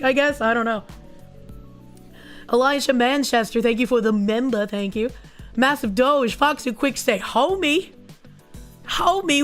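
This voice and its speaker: A woman with a somewhat high voice that has gone hoarse and raspy after being sick, chatting loosely with viewers and swearing freely. Faint music plays beneath her talk. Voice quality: raspy, husky. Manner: casual and crude, swears often. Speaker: VTuber streamer. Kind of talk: casual livestream chat reading super chats.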